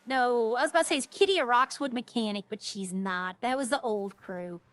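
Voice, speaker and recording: A woman's voice: on the high side, brisk, a bit bright, dry recording. A woman streaming a game, chatting casually with viewers and thinking aloud in a rambling way. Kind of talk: casual gameplay chat to viewers.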